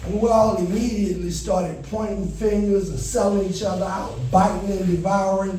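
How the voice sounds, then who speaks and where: A man doing a stand-up comedy set, telling a story with animated delivery and panicked shouted bits. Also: high-pitched, moderate pace, slight background noise. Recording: echoey venue heard from a distance.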